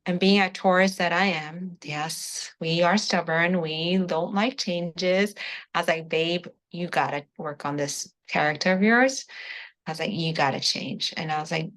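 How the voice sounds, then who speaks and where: A lowish, fairly bright female voice delivers a sincere spiritual testimonial at a measured pace during an interview. The speaker, a coaching client, is emotional and near tears, and keeps saying "I was like."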